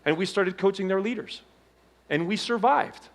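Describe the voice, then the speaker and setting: A middle-aged man giving a motivational keynote on stage, telling his story with dramatic swings between loud emphasis and hushed low tones. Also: moderate pace. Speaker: keynote speaker. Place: conference stage before a live audience.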